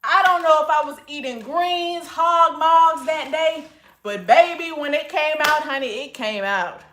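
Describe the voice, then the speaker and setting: A woman's voice: high voice, measured pace, a bit bright. A woman hosting a casual livestream from her phone, reading comments and answering in a sassy manner, calling everyone honey. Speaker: livestream host.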